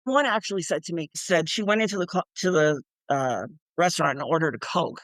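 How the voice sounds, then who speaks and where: An older woman author chats animatedly in a casual interview as a guest, laughing often and acting out quoted voices. Her lowish voice is expressive and a little fast, with no echo.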